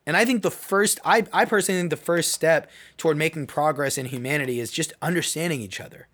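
A man's voice: a little high, fast talker, a bit bright. A man hosting his own podcast, giving an earnest, rambling personal opinion monologue full of restarts. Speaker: podcast host and youth basketball coach.

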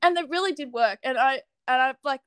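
A young woman with a high, bright-pitched voice chats in a casual interview, full of fillers and easy giggles. The sound is close and dry, with no room around it. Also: a little fast, smooth, dry recording. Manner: chatty, giggly, lots of fillers. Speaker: musician guest.

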